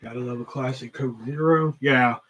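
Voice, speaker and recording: A man's voice: mid-range voice, fairly even intonation, normal speed, fairly bright tone, muffled recording, slight background noise. A man hosting a casual livestream chat, rambling and swearing heavily as he talks. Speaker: host.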